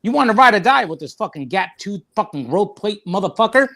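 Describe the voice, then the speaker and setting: A man's voice: sits high, big pitch swings, a little fast, vocal fry, pushed and bright. A man co-hosting a livestream who rants and swears, combative and heated. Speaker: livestream co-host.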